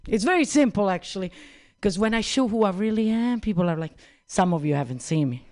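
A man's voice: high-pitched, lively intonation, brisk, darkish tone. A man doing open-mic stand-up in a crude, rambling, self-mocking way. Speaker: stand-up comedian.

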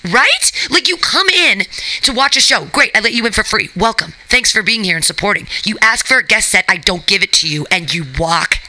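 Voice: mid-range voice, lively intonation, fairly quick, sharp tone, rough recording. A radio host and comedy organizer ranting angrily with heated, emphatic swearing. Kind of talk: profane angry rant.

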